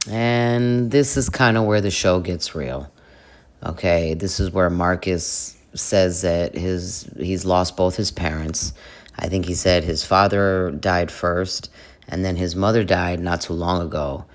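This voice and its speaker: A man's voice: low voice, fairly even intonation, measured pace. A man hosting a comedic reaction video, talking casually through what he is watching. His delivery is loose and conversational, dotted with sarcastic asides. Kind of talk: comedic commentary.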